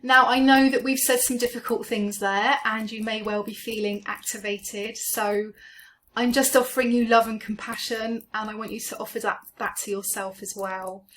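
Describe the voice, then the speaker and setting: A woman leads a guided tapping session in a soft, soothing way. She names each tapping point and voices worries for the listener to repeat. Her voice sits a little higher than most women's. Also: a little hiss or hum. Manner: slow, gentle, soothing guidance. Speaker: EFT tapping coach.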